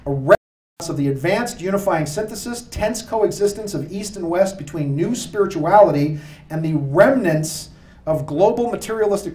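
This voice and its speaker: A man giving an animated, jokey, preacher-like talk to a live audience. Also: sits high, far from the mic. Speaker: speaker giving a lecture. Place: room with an audience. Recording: echoey room, voice picked up from afar.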